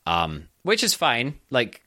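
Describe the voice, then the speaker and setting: A man's voice: medium pitch, huge pitch swings, slow pace, pushed and bright, dry recording, studio quality. A young man from Scotland, a guest on a podcast, chatting casually and joking at his own expense, with plenty of swearing. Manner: joking, self-deprecating, sweary. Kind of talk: casual chat.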